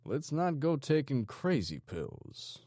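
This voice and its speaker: A man voicing a cold, menacing male gang leader who talks calmly and slowly. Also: mid-range voice, no room sound, clean studio sound, voice pushed up, full character voice. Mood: calm menace. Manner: calm, slow and coaxing.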